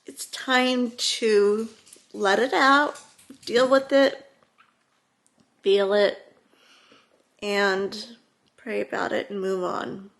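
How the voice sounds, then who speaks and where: Middle-aged woman, home vlogger; unhurried, gravelly, rambling delivery. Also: mid-range voice, steady tone, fairly bright tone. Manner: rambling, full of "you know" and restarts. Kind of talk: casual talking-to-camera vlog. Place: at home, indoors.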